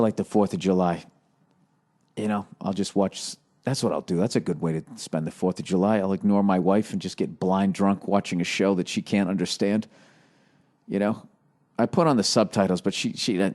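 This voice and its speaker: A man's voice: on the low side, a little mellow. A man in his forties with a Boston accent, hosting a podcast in a rambling comedic monologue, grumpy, profane and worn out. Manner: grumpy, profane, ranting with sarcastic asides. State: mentally exhausted. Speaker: podcast host.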